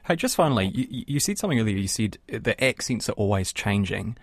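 A man's voice: lowish voice, big pitch swings, quick pace, dry recording. A New Zealand man hosting a radio talk show, chatting with a guest and reading out listener messages. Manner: conversational, reads out listener messages. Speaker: radio host. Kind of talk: radio interview and listener texts.

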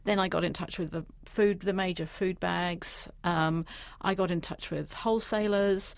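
Kiwi woman journo chatting on radio, lowish voice, dry studio sound, talks fast then slow. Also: fairly even intonation, gravelly, no echo. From New Zealand. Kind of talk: conversational radio interview.

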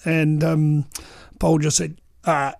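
Older kiwi guy, gravelly voice, rambling storyteller with lots of ums, pretty dry close sound. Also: fairly high pitch, steady tone, moderate pace, no room sound. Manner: chatty, full of ums and uhs, acts out quoted dialogue. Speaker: veteran political journalist. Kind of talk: anecdotal interview storytelling.

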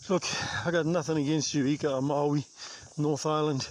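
A man's voice: on the high side, steady tone, moderate pace. A New Zealand man talking casually and self-mockingly to the camera while out hiking, with some mild swearing. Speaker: vlogger hiking a long trail. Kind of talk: casual hiking vlog talk. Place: outdoors on a bush trail. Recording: outdoor noise, insects behind.

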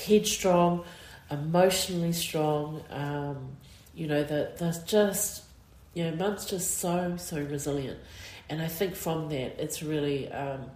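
Emotional, halting New Zealand woman. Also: low-pitched, darkish tone. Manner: halting, many fillers, emotional. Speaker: interviewee. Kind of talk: emotional interview reflection. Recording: roomy echo.

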